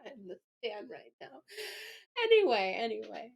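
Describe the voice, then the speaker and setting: A woman streamer reading an academic article aloud and commenting on it in a casual, animated way, often breaking into laughter and mock outrage. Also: fairly high pitch, unhurried, creaky, husky, dull audio. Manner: casual, full of likes and you-knows.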